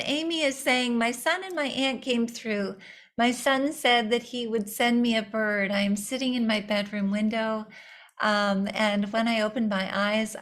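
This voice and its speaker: Higher-voiced woman moderating a webinar. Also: fairly bright tone. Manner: friendly, reads questions aloud from chat. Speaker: moderator reading audience questions.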